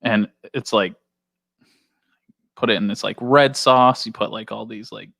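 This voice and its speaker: A man with a gravelly, creaky voice chats loosely on a podcast, swearing freely and filling his sentences with "like." The mic is close and the sound dry, with no echo. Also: lowish voice, steady tone, unhurried, fairly bright tone. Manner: loose, profane, laughing, with lots of fillers. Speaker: podcast co-host. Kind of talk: casual chat.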